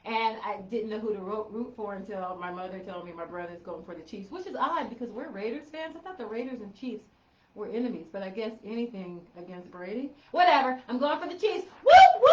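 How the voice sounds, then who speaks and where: A woman's voice: medium pitch, expressive, fairly quick. A middle-aged woman, a professional organizer, giving tips in a chatty, playful way and repeating points for emphasis. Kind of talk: casual tips vlog. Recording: roomy, slightly dull sound.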